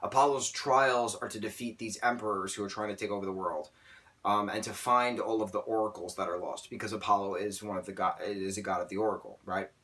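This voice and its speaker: A young man reviewing a book in a casual vlog, rambling and excitable, often stammering and restarting. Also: lowish voice, a little fast, far from the mic.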